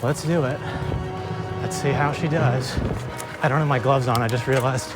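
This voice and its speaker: A man's voice: mid-range voice, fairly even intonation, moderate pace, loud music behind the voice. A young man vlogging while he rides a mountain bike through the woods, out of breath and swearing, joking about his own lack of skill. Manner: breathless, swearing, self-deprecating commentary. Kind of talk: casual narration while riding. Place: outdoors on forest trails.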